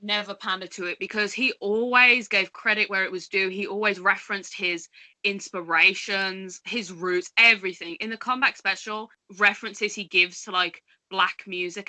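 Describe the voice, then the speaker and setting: A young woman co-hosting a podcast who talks fast and gushes in excited casual chat, with lots of "like". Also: medium pitch. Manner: gushing, fast, says "like" often. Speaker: podcast co-host.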